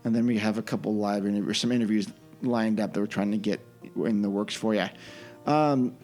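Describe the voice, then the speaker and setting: A man's voice: fairly low pitch, steady tone, brisk, a little mellow, soft background music. Easygoing male podcast host. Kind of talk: casual podcast chat.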